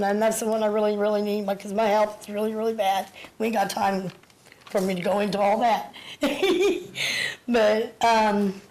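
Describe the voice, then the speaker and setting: A woman in her fifties, out of breath, giving an emotional, halting public comment at a city council meeting. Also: mid-range voice, a little mellow, poor audio. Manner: emotional, halting, repeating words.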